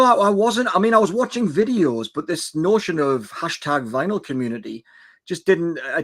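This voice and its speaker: A retired man in his sixties, a guest on a live stream, chatting with loose enthusiasm about how he started. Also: on the high side. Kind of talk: casual chat on a live stream.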